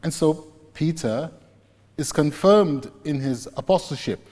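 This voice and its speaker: A man preaching a sermon, slowly and deliberately retelling scripture scenes. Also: on the high side, animated, a little mellow. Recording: long reverb, echoey hall.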